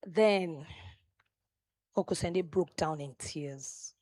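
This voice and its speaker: Animated Nigerian woman telling stories. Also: medium pitch, unhurried, pauses often, no echo, clean studio sound. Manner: animated storyteller, exclamations and asides to the audience. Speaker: tribute speaker at a memorial event. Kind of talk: personal tribute speech, storytelling.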